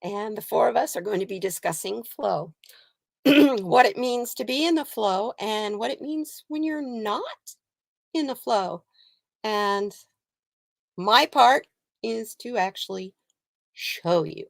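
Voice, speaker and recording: A woman's voice: medium pitch, expressive, slow, vocal fry, pauses often, no echo. A woman in her sixties hosting a casual live stream, telling a story and breaking off to greet viewers, laughing often. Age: 60s. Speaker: livestream host and card reader.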